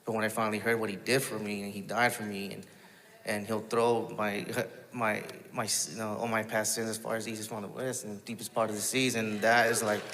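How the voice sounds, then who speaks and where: Bright-toned man telling his story. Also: fairly low pitch, little pitch movement, big-room sound. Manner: halting, with many restarts and quoted asides. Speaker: guest telling his testimony. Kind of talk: casual storytelling.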